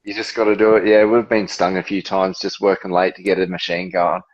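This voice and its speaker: Laid-back Australian guest, lo-fi sound. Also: male voice, deep voice, level tone, a little fast. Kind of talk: casual chat.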